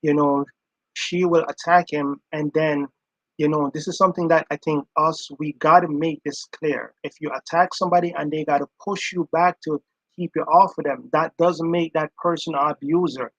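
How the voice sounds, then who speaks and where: A man's voice: a little high, fairly even intonation, normal speed, fairly bright tone, dry recording, rough recording. Earnest man in dry close commentary. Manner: repetitive, earnest, emphatic. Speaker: commentator reacting to clips. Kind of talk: casual reaction commentary.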